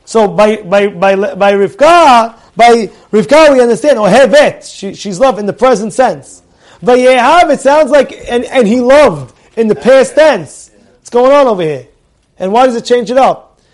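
A middle-aged man teaching a Torah class, animated, repeating phrases for emphasis, asking his listeners questions and using Hebrew terms. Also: high-pitched.

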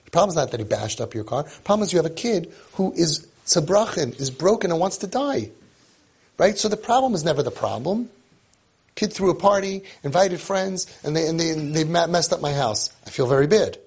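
A man with a fairly high, expressive, slightly rough voice talks rather quickly in an informal lecture coaching parents. He's emphatic and repetitive, sprinkles in Hebrew and Yiddish terms, and acts out parents and kids in quoted dialogue.

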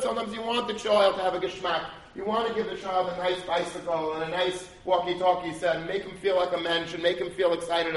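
High-ish voiced guy preaching earnestly, echoey room. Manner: earnest, repetitive exhortation. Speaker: rabbi. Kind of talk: sermon. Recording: echoey room, mic at a distance.

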